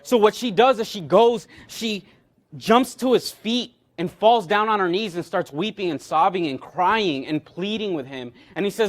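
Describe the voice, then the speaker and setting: High-voiced man preaching a lively sermon. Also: normal speed. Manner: animated, acts out quoted characters. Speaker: pastor. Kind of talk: sermon storytelling.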